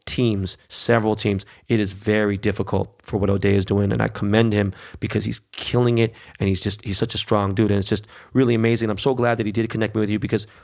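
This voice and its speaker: Gravelly low-voiced man hosting a podcast. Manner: animated storyteller, swears freely, mimics others in raised voices. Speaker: podcast host. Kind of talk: casual chat.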